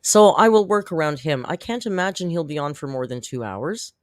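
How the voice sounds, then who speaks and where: Chatty man with a fairly high voice. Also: animated, a little fast, no echo, clean studio sound. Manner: chatty, rambling, self-deprecating, laughs often. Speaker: YouTube commentary host. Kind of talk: casual livestream chat with viewers.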